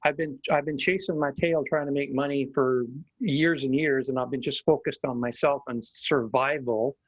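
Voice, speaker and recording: A man hosting a group video call, reflective and relaxed, with many fillers. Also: medium pitch, dry recording, low-quality recording. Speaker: host.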